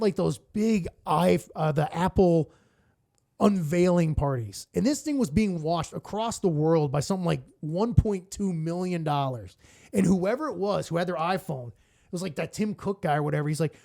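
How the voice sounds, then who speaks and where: A radio co-host tells stories as a podcast guest, and his voice sits high with a gravelly rasp running through it. He talks in an animated, profane way and acts out other people's quotes as he goes. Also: moderate pace. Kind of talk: casual storytelling.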